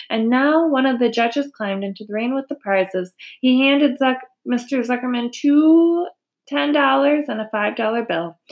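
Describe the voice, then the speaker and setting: A woman reading a children's novel aloud in a gentle, unhurried storytelling manner. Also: on the high side. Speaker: reader.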